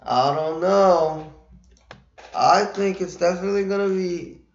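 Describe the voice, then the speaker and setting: A man with a slightly high voice talks through an episode at an unhurried, drawn-out pace. He is loose and profane and keeps tossing in "you know" asides. The recording is roomy and a little dull and lo-fi. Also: slight background noise. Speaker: podcast host. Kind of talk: casual episode recap.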